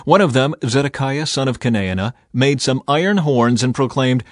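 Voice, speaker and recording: A man reads scripture aloud in a steady, measured way. His voice sits in an ordinary middle range. The recording is dry and close, with no room sound. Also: mid-range voice, dry recording. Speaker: scripture reader.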